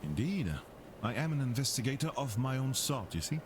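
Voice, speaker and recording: A man's voice: medium pitch, very animated, fairly quick, background noise, lightly acted. An actor playing a scheming male investigator who speaks formally and persuasively. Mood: confiding.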